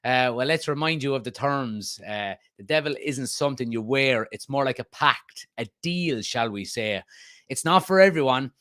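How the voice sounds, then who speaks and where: A man reading out a gruff older football captain's challenge in a put-on Dublin accent, slow and solemn. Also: medium pitch, lively intonation, fairly bright tone, no echo, clean studio sound, close to an everyday voice. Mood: challenging. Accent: Dublin Irish.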